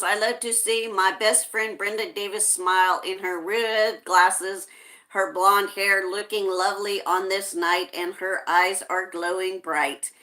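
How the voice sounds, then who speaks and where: A woman's voice: mid-range voice, slow, bright, forceful tone. A woman hosting a casual livestream, reading viewer comments aloud and greeting people in a friendly way. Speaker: livestream host reading chat.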